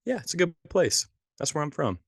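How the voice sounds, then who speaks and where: A man from North Carolina, a podcast guest, chatting in a relaxed, easygoing way. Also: a little high, a little fast, vocal fry, breathy edge, dry recording, studio quality. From North Carolina, USA. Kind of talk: casual chat.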